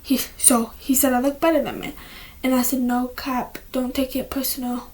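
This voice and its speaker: Rambling teenage girl, slightly high voice. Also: little pitch movement, moderate pace, a little mellow. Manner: rambling, with many restarts, often dropping to a whisper. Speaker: vlogger. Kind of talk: casual chat. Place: at home, indoors.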